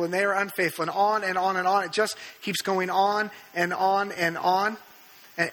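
A man's voice: high-pitched, pushed and bright. A male pastor preaching a sermon, retelling scripture in a casual, conversational way with colloquial asides, in a church sanctuary. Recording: echoey hall reverb.

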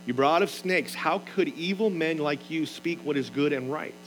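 Earnest preaching man, slightly high voice. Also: normal speed, a bit bright, faint music behind, low-quality recording. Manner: earnest, emphatic preaching with scripture reading. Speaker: pastor. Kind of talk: sermon.

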